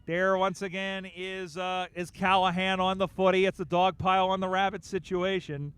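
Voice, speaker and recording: A man calling a live game as play-by-play commentator, building excitement in quick bursts on the big plays. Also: high-pitched, clean tone, no room sound. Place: outdoor sports field broadcast.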